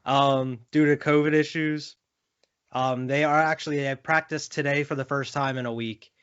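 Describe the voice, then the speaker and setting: A man's voice: fairly high pitch, fairly even intonation, moderate pace, fairly bright tone, clean tone, dull audio. A young man co-hosting a sports podcast, talking loosely with lots of fillers and laughs. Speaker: podcast co-host. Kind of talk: casual sports chat.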